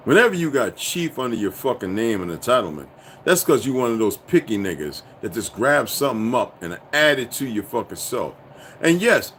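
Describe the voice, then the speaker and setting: A man hosting a casual livestream, rambling and profane, dropping from low muttering to loud outbursts. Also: very animated, moderate pace, a little hiss or hum. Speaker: livestream host.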